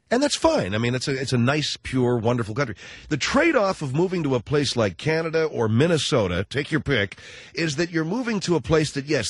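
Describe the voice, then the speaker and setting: A man's voice: on the high side, breathy edge, dry recording, clean studio sound. A man hosting a talk radio show, riffing through a sarcastic, opinionated comedic monologue. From United States.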